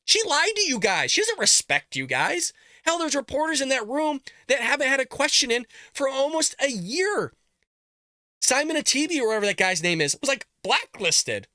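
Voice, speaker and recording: A man's voice: very high-pitched, bright, forceful tone, no room sound, clean studio sound. A man hosting a political commentary show, ranting in a riled-up, emphatic way with frequent swearing. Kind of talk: heated political rant.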